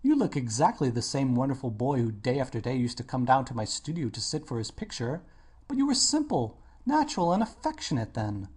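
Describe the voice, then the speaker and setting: A man's voice: mid-range voice, very animated, brisk, darkish tone, slightly rough. A man reading an audiobook, voicing an anxious, earnest older male painter who talks in a pleading, reproachful way. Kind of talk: audiobook character voice.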